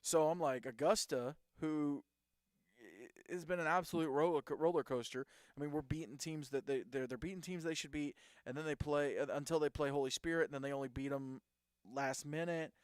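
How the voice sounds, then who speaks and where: A man hosts a casual high school football talk show, his voice smooth and resonant at an ordinary middle pitch. He rambles through game recaps and reels off player stats. The sound is close and dry. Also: a little fast, no echo. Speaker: host.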